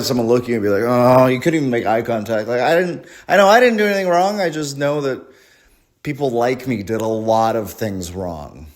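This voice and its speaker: A man performing a rambling, crude, self-deprecating stand-up comedy set at a live show. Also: medium pitch.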